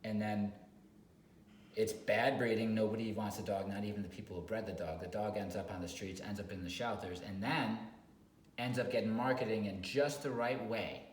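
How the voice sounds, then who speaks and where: A man working as a dog trainer, talking bluntly in a casual video chat and sometimes swearing, loudly acting out dog owners. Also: fairly low pitch, steady tone, normal speed. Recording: echoey room with faint noise.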